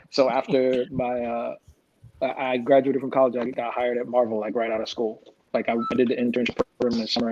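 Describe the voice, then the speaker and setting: A man in his forties, a guest comics creator chatting on a livestream panel, telling stories and acting out the lines he quotes. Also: medium pitch. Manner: animated storyteller who acts out quoted lines. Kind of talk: casual panel chat over a livestream. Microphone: video call. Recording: lo-fi livestream audio.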